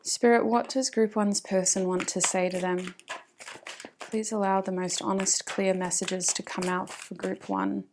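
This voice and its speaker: An Australian woman chats her way through a tarot reading, asking spirit questions and joking with viewers. Her voice has a gravelly fry, and a faint hiss sits under the recording. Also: medium pitch, little pitch movement, a little slow. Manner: chatty, talks to spirit and viewers, laughs often. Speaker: tarot reader.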